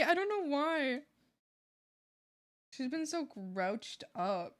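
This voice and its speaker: Young woman, art streamer, casual chat, giggly, lots of fillers, bright voice. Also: sits high, very animated, measured pace, pauses often. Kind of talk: casual chat while drawing. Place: home room.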